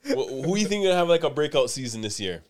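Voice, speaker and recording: A man's voice: fairly high pitch, very animated, fast talker. A young man co-hosting a casual basketball chat, laughing and playful. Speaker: podcast co-host.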